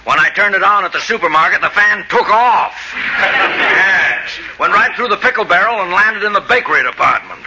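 An actor playing a dry, put-upon middle-aged supermarket owner in 1940s radio acting style. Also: male voice, high-pitched, lively intonation, normal speed. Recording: noisy old radio broadcast.

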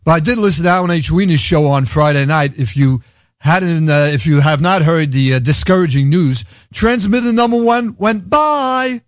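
Wisecracking Brooklyn radio host, higher voice. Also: male voice, expressive, normal speed, no room sound, clean studio sound. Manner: sardonic, rambling, laughs at his own jokes. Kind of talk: irreverent comedic radio monologue.

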